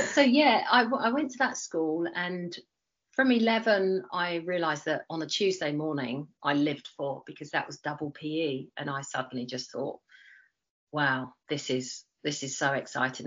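Woman, 40s, low voice, lively anecdotal storyteller, slightly muffled recording. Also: normal speed. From East London, England. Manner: animated storyteller, acts out quoted voices, frequent restarts. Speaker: interview guest, former Olympic athlete. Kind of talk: casual storytelling interview.

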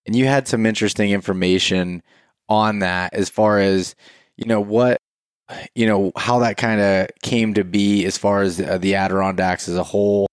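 A man hosting a casual interview, asking halting questions with many fillers. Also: fairly low pitch, fairly even intonation, clean tone, no room sound, clean studio sound. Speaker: podcast host.

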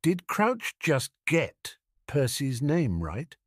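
A man's voice: a little high, huge pitch swings, slow, slightly rough. A man reading a fan fiction story aloud as audiobook narration. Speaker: audiobook reader.

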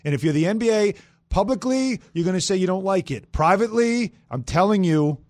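A man hosting a sports talk radio show, brisk and emphatic, on a studio mic. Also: high-pitched, animated, a little mellow, dry recording. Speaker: host.

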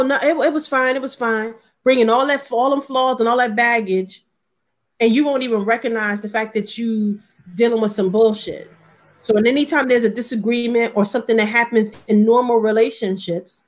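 A woman talking bluntly and emphatically in a casual panel discussion, swearing freely and mimicking others' lines. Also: on the high side.

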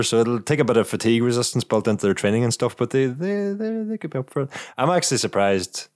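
A man's voice: medium pitch, animated, fast, few pauses, darkish tone, no room sound, studio quality. A man and former racer chatting casually as a podcast co-host, often repeating words as he thinks aloud. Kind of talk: casual cycling chat.

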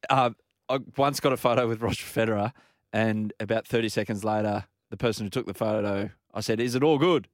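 A man's voice: lowish voice, fairly quick, no echo, clean studio sound. Chatty radio host, man. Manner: chatty, laughing banter. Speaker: radio sports show host. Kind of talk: casual sports radio chat.

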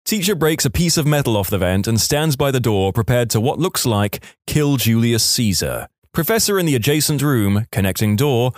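A man narrates submitted classroom stories with a lively, swooping delivery. His tone is wry, dropping into sarcastic asides. The recording is dry and close, with no room sound. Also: mid-range voice, no echo. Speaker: story narrator. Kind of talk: reading listener stories aloud.

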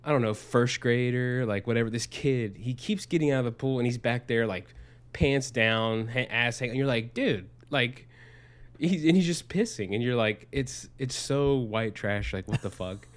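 A man's voice: mid-range voice, normal speed. A young man casually telling a rambling, profane story on a podcast, with lots of fillers. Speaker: podcast co-host. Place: Arizona.

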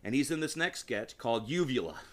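A man's voice: medium pitch, lively intonation, brisk. A man hosting a solo podcast, talking in a casual, rambling and enthusiastic way, often restarting his sentences. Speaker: podcast host.

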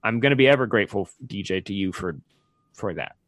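A man co-hosts a casual podcast, grateful and a touch hesitant. He talks quickly in a somewhat low voice, recorded dry and close with no room sound. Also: expressive, fairly bright tone, no room sound. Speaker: podcast co-host.

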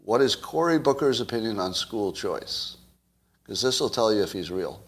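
A man's voice: lively intonation, normal speed, breathy edge. A man hosting a solo commentary show, arguing his point in a conversational way and putting questions to his audience. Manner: wide swings in pitch and loudness.

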